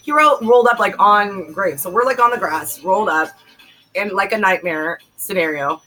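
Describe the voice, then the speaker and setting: Her voice sits at medium pitch, bright and forceful, at a moderate pace, over a little hiss or hum in a low-quality recording. She's a vlogger in her forties from the Bay Area giving a personal testimony, rambling and emphatic and full of fillers.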